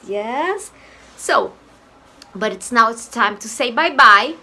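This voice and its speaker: A woman teacher with a Brazilian accent, a native Portuguese speaker, giving a slow, coaxing English lesson to babies. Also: a little high, lively intonation, bright, forceful tone. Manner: slow, coaxing, playful animal noises.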